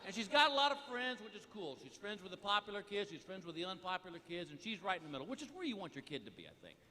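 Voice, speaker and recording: A middle-aged man doing a live stand-up routine, telling exasperated family stories broken by high yelping outbursts. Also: sing-song, fast, slight background noise. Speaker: stand-up comedian. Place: large theater stage before a live audience. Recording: echoey hall, loud audience laughter. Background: loud crowd laughter and applause.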